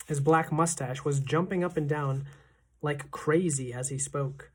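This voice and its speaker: A woman teacher reads a children's novel aloud to her class. Her narration is steady and expressive. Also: sits low, unhurried, husky.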